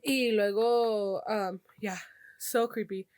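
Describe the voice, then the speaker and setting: A woman's voice: mid-range voice, fairly even intonation, takes it slowly, a little mellow, no room sound. A young woman hosting a podcast, telling stories in loose casual chat, swearing freely and slipping into Spanish. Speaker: podcast host.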